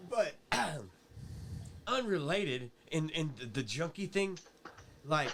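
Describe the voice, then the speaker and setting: A man's voice: fairly high pitch, lively intonation, slow, noisy background. A man as a podcast guest, telling a rambling, profane story in casual chat and tagging his sentences with "right?".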